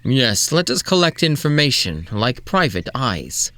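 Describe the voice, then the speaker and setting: A man voicing a boastful heroic male fighter who makes stiff, loud declarations. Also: mid-range voice, big pitch swings, a little slow.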